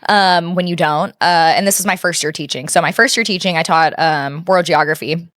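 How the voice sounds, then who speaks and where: A woman's voice: lowish voice, moderate pace, fairly bright tone, no echo, clean studio sound. A young adult woman co-hosting a podcast, telling stories in a chatty way with lots of fillers. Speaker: podcast co-host, former teacher. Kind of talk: casual chat.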